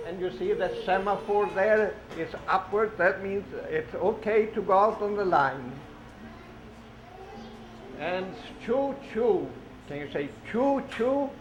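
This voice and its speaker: A man's voice: high voice, lively intonation, slow pace. A man reading children's train picture books aloud in a sing-song way, repeating words and getting kids to say the train sounds along with him. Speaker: storybook reader for children. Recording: echoey room, dull lo-fi sound with noise.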